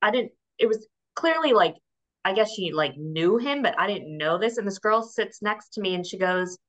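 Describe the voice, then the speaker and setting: A woman's voice: medium pitch, lively intonation, normal speed. A woman guest on a podcast, talking bluntly and swearing in a casual chat.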